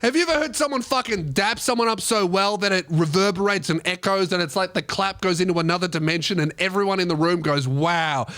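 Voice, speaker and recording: A man with an Australian accent, a comedian telling a rambling, profane story in casual, animated talk. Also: sits high, fast, few pauses, no room sound. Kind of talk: comic storytelling.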